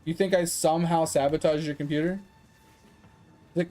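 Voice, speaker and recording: A man's voice: on the high side, steady tone, brisk, pauses often, warm tone, faint music behind. A man streaming a game, ranting in casual, sarcastic talk, swearing and acting out the people he quotes. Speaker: gaming streamer. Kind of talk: casual rant while gaming.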